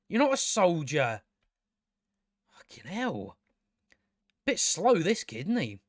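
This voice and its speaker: A man's voice: fairly high pitch, wildly swooping pitch, takes it slowly, pauses often, no echo, studio quality. A man reviewing a TV episode in a casual, sarcastic and exasperated rant, swearing freely. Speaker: TV show reviewer.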